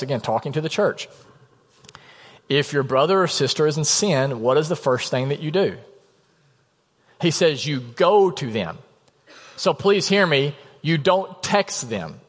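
A man of medium pitch delivers a sermon in a relaxed, conversational way, slipping into little acted-out quotes. His voice carries a long reverb tail from a large church hall. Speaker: pastor. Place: church sanctuary.

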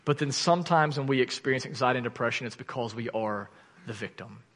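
A man in his thirties preaching a sermon, telling a personal story in an earnest, animated way that falls to quiet intensity. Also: medium pitch, quick pace. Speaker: pastor. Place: church sanctuary. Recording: church hall reverb.

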